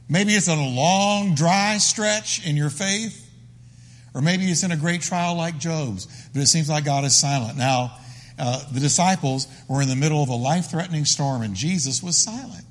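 A man's voice: fairly high pitch, moderate pace, big-room sound. A man preaching a sermon as the pastor, emphatic and full of repeated phrases.

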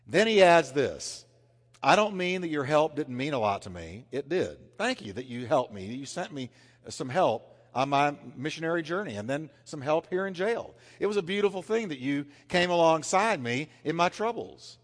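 Animated preacher in a reverberant hall. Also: male voice, a little high, normal speed. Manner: animated, swings between loud emphasis and hushed intensity. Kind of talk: sermon.

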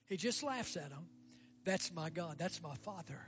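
A guest pastor, a man, preaching a sermon and leading an altar call, swinging between loud rising bursts and quiet, dropped lists. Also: fairly high pitch, expressive, normal speed, a little hiss or hum. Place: church sanctuary.

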